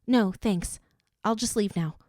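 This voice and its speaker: A woman's voice: medium pitch, unhurried, darkish tone, no room sound, clean studio sound, voice pushed up, natural voice. A woman voicing a frightened teenage girl cheerleader who speaks in a tight, choked, shaky voice.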